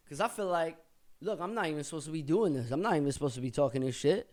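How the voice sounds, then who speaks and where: A man's voice: on the high side, expressive, fast, a little mellow. A man explaining his own rap lyrics in a casual, profane way, thinking aloud and correcting himself as he goes. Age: older than he was. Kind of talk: casual explanation with rapped excerpts.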